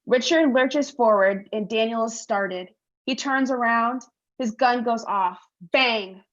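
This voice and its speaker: A woman reading stage directions aloud in a play reading, tense and measured. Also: on the high side, fairly bright tone, dull audio.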